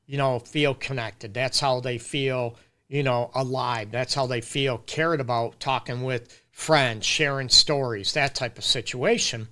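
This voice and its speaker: A middle-aged relationship counselor hosts a casual live-stream Q&A, giving advice and speaking straight to his viewers with emphasis. His mid-range voice is steady, unhurried, bright, and forceful.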